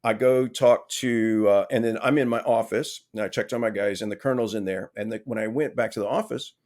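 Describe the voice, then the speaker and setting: Man telling a lively self-mocking story. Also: on the low side, a little fast. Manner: lively, frequent "right?" asides, restarts; exasperated self-mocking humor. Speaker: podcast guest. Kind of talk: casual storytelling anecdote.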